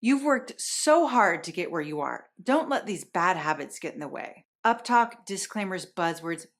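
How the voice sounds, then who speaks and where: Lively woman communication coach. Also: on the low side, measured pace. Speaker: communication trainer. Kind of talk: scripted presentation to camera.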